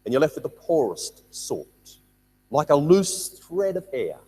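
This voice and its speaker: A man teaching a Bible study, reading scripture aloud and explaining it with lively emphasis and repeated words. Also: a little high, unhurried, husky, in a large hall.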